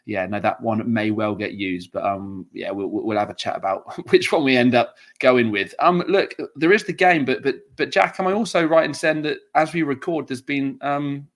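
A man's voice: medium pitch, moderate pace, few pauses. A man from England hosting a football podcast, chatting casually with restarts and laughs. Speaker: podcast host.

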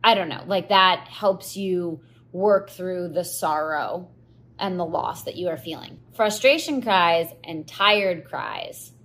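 Chatty woman podcaster, lowish voice. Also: slow pace, fairly bright tone. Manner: chatty, filler-heavy, gets teary and laughs at herself. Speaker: podcast host. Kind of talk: casual solo podcast talk.

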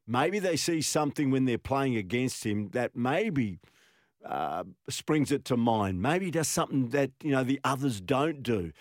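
An easygoing man co-hosts a sports radio show and puts leading questions to his partner. His mid-pitched voice is dry and close to the mic. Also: expressive, measured pace, no echo. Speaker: radio co-host. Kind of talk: casual radio chat.

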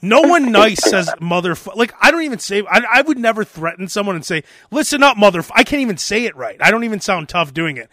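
High, bright-voiced man hosting casual chat. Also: quick pace, hardly any pauses, dry recording, clean studio sound. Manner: animated storyteller, barks out impressions. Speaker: podcast host.

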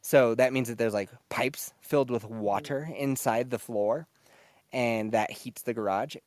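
A man's voice: mid-range voice, a little slow, no echo. A man telling a story in casual, profane chat, laughing as he goes. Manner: profane, laughing, animated retelling.

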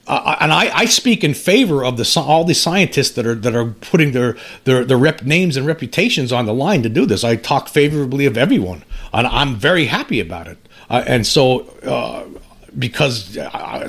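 Here a fifty-something man hosting a UFO commentary channel speaks in an expressive, mid-range, somewhat bright voice. He casually reads an article aloud and reacts, halting with many restarts, his voice going up as indignation builds.

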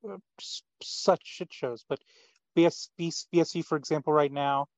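A man's voice: fairly high pitch, fairly even intonation, moderate pace, dry recording. A man as a podcast guest, blunt and dismissive in casual chat. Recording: dull lo-fi sound.

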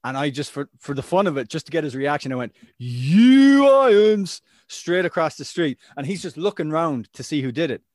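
A man's voice: fairly high pitch, quick pace, few pauses, dry recording, clean studio sound. A man, co-hosting a sports podcast and telling chatty anecdotes. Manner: chatty storyteller, lively anecdotes. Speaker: podcast co-host. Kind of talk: casual chat.

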